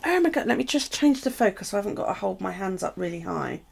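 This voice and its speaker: A woman's voice: medium pitch, very animated, quick pace, vocal fry, darkish tone, a little hiss or hum. A middle-aged woman with a British accent, chatting casually to viewers while unboxing craft supplies and gushing over them. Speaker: craft live streamer.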